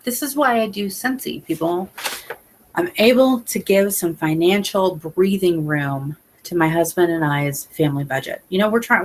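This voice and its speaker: A woman's voice: mid-range voice, unhurried, a little hiss or hum. A young woman giving a casual motivational talk to her sales team, chatty with many fillers, earnest and openly emotional. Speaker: independent sales consultant.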